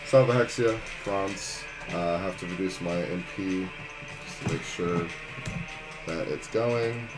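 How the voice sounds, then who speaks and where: Very deep, slow, hesitant male player. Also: music in the background. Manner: hesitant, halting, with many fillers. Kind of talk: playing a tabletop game in character.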